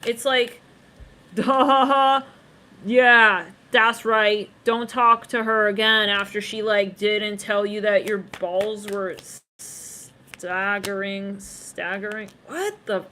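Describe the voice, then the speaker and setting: Taking it slowly, a tarot reader with a mid-range voice, steady tone, and sharp edge gives a casual psychic reading over a little hiss or hum. She rambles and chats with viewers directly, laughing often and breaking into bits of song.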